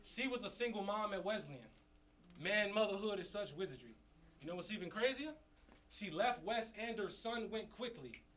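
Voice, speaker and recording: Man, battle rapper, taunting storyteller, high and bright tone. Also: animated, moderate pace, rough recording. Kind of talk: live battle rap verses. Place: upper-floor campus venue with a live crowd.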